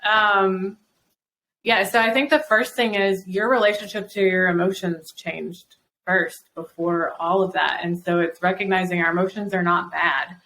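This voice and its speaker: A woman's voice: on the low side, steady tone, normal speed, a bit bright, slight background noise, rough recording. A woman guest on a podcast, encouraging and explaining at length with frequent fillers. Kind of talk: casual podcast conversation.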